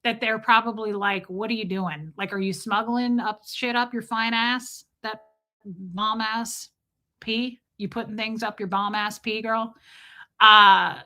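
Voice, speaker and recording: A woman from the United States livestreaming, telling a story in a casual, profane, animated way with quick asides to chat. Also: on the high side. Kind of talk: casual storytelling while reading live chat.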